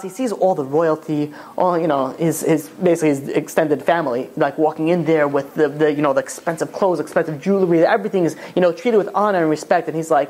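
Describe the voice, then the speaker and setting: Fast-talking rabbi telling a story. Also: male voice, on the high side, steady tone, a little mellow. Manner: rambling, loose storytelling full of "you know" and "he's like". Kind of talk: storytelling in a Torah talk.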